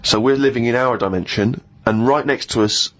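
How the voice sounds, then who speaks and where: A man's voice: mid-range voice, normal speed, a bit bright. A man co-hosting a casual comedy podcast, rambling through anecdotes and laughing often. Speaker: co-host. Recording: dull lo-fi podcast audio.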